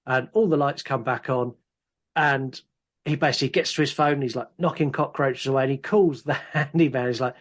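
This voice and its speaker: A man's voice: mid-range voice, a little fast. A man co-hosting a podcast, retelling scenes animatedly in casual chat. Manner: animated retelling, acts out lines from the film. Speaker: podcast co-host.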